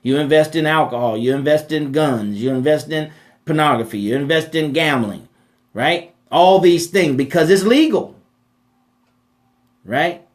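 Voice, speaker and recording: A man with a fairly high voice hosts a live money Q&A. He talks in an emphatic, preachy way, repeating his points and checking in with a rhetorical "right?". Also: animated, a little slow. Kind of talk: preachy live-stream talk.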